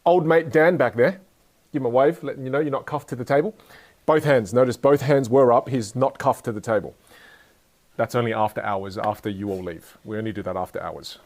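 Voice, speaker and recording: Young male speaker, energetic and joking, teaching communication to a live audience. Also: medium pitch, brisk. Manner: energetic, playful, jokes with the audience. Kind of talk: live motivational talk to an audience.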